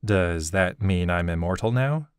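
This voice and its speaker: A man's voice: low voice, animated, a little slow, clear, resonant tone, no echo, studio quality. Young half-elf hero in an audiobook, earnest, easily thrown, male narrator's near-own voice. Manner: earnest, flustered.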